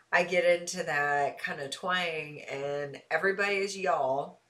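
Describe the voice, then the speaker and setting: A woman with a somewhat low voice and a Midwestern accent softened by a light Texas twang, chatting with her stream audience. She talks in a loose, animated way and laughs easily between thoughts. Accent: Midwestern with a light Texas Southern twang. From American Midwest. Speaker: streamer answering chat. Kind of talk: casual live-stream chat.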